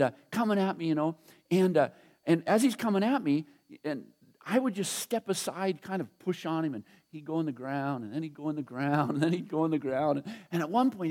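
Middle-aged male preacher, high voice, casual storytelling sermon, drags out key lines for weight. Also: darkish tone. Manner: conversational storytelling preacher, chuckles often, slows down to stress points. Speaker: pastor.

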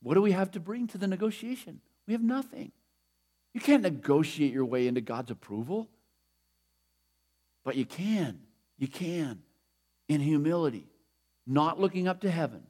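Middle-aged male pastor, high voice, conversational and emphatic sermon delivery. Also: expressive, normal speed, long pauses, warm tone. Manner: conversational, emphatic preaching with repeated phrases.

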